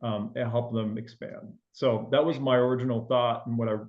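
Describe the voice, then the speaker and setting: A man from France, a native French speaker, talks through his answers as a guest in a loose, meandering way, full of "um" and "you know." His voice sits at an ordinary middle pitch. The recording sounds a little dull and lo-fi. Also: normal speed. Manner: relaxed, rambling, many fillers and restarts. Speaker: guest, mortgage loan officer. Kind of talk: casual interview chat.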